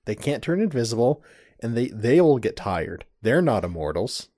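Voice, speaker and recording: A man co-hosting a casual podcast, chiming in with quick, joking remarks. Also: medium pitch, big pitch swings, mellow, no room sound, studio quality. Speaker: podcast co-host.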